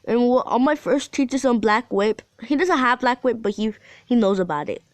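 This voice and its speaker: A woman's voice: a little high, expressive, moderate pace, dry recording. A woman rambling through a fan story retelling, with many fillers and restarts.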